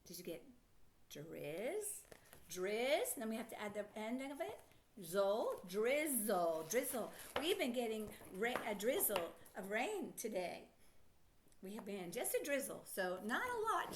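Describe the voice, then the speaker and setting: A middle-aged woman teaching a children's phonics lesson, sounding out words slowly and asking encouraging questions. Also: a little high, big pitch swings, noisy background.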